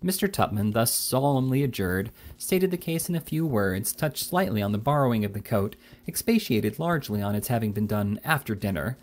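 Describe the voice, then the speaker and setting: A man reading a classic novel aloud in a measured, unhurried way. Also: mid-range voice. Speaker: reader.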